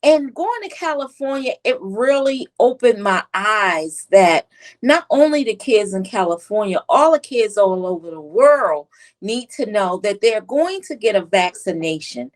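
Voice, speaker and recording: A woman's voice: medium pitch, measured pace, rough recording. A woman pediatric nurse with a US East Coast accent, telling stories in an interview and acting out children's voices. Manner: animated storyteller, acts out children's voices. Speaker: pediatric nurse and author, guest. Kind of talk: conversational interview storytelling.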